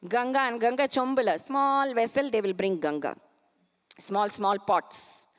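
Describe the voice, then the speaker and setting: Animated Indian woman, auditorium echo. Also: fairly high pitch. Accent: Indian English. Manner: rapid rhetorical questions, slow chanted Sanskrit verses. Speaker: spiritual speaker. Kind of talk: spiritual discourse with storytelling. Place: large auditorium. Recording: auditorium reverb.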